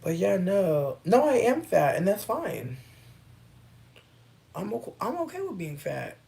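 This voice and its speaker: A woman's voice: medium pitch, sing-song, measured pace, creaky, dark tone. A woman chatting casually on a livestream, reading and answering comments in a playful, laid-back way with plenty of swearing.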